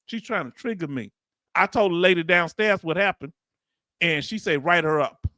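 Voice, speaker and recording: A man's voice: a little high, expressive, moderate pace, pushed and bright, no echo, studio quality. A middle-aged man, hosting a casual stream, joking and calling his viewers family. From United States. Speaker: YouTube host reacting to a hearing. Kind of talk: casual live-stream chat reading comments.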